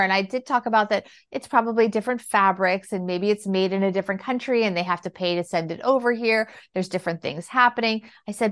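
A woman guest speaking in a conversational, storytelling way, full of anecdotes. She brings in quoted dialogue with animated shifts of voice. Her voice sits at a middle pitch. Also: fairly quick, few pauses. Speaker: guest, financial planner. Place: lives in New York City.

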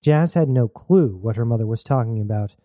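Dark-voiced male audiobook narrator. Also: medium pitch, animated, no room sound, clean studio sound. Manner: measured, deliberate phrasing with pauses.

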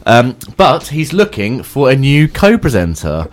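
Joking radio co-host, lively pitch. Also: male voice, a little slow. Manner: joking, reads aloud with hesitant fillers. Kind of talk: casual radio banter.

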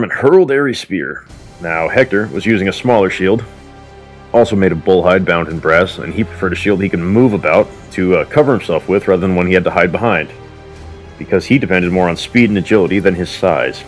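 A man casually retelling a myth as a storyteller, with offhand conversational asides. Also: low voice.

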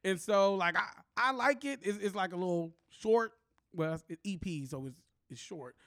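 A man with a high-pitched voice hosts a casual chat show, relaxed and slangy, laughing between thoughts. The sound is dry and close, with no room around him. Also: moderate pace, no echo. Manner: laughs often, slangy and animated. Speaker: podcast host.

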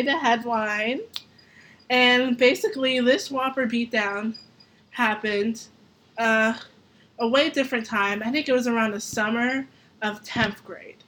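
A young adult woman tells a story on her podcast in a loose, conversational way. She swears freely, laughs often and gets animated as she goes, with a voice that sits a touch higher than most. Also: a little hiss or hum. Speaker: podcast host. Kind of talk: casual storytelling.

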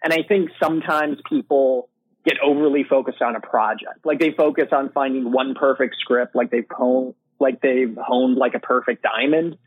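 A literary manager answering podcast interview questions in a casual way, full of "you know" and "like". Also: male voice, mid-range voice, fairly even intonation, moderate pace, slightly rough, dry recording. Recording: dry, thin phone-line sound.

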